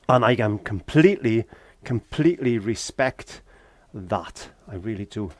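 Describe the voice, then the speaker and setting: A man's voice: fairly low pitch, animated, measured pace, hardly any pauses, no room sound. A man from Wales, chatting and joking to himself as he teaches painting in a shed. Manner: chatty, jokey, talks to himself while working. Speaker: painting tutor. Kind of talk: casual painting tutorial. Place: garden shed.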